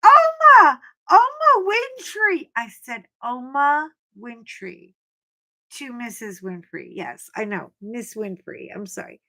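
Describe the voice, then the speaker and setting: A middle-aged woman chatting on her own livestream, telling stories in an animated way and shrieking when she quotes herself. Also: medium pitch, takes it slowly, gravelly. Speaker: livestream host. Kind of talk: casual chat to live viewers.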